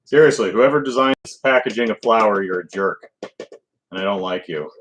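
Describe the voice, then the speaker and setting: A man's voice: fairly low pitch, moderate pace, background noise. A man hosting a live stream, baking and grumbling to himself in casual, exasperated chat.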